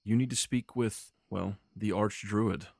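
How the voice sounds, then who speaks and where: Elf lady, halting and evasive, played by a man in a deep, dry voice. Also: fairly even intonation, gravelly, darkish tone, breathy edge, no room sound, heavily acted. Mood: earnest. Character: hesitant noble wood elf woman.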